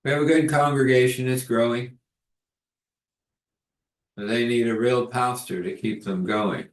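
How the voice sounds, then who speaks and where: A man's voice: medium pitch, steady tone, a little slow, recorded from a distance, natural voice. A man voicing a friendly, chatty plump older woman who runs a diner, in a roomy-sounding recording. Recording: roomy echo.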